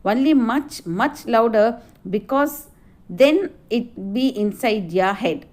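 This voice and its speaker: A woman's voice: a little high, expressive, takes it slowly, a little mellow. A woman reading a teasing waiting-room man.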